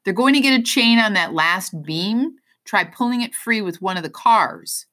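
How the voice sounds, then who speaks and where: A woman playing a brisk, clipped police officer. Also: medium pitch, expressive, a bit bright, voice pushed up, lightly acted. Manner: clipped, businesslike.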